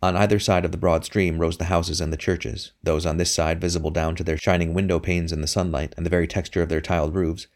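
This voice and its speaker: A man narrating a historical novel in a steady, measured reading. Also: low voice. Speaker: audiobook narrator. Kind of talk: scripted narration.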